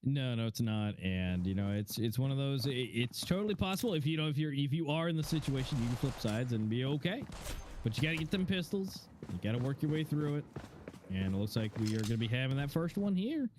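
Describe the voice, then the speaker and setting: A man's voice: medium pitch, animated, fairly quick, noisy background. A man doing color commentary on a live esports match, meandering and full of fillers. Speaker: esports co-caster.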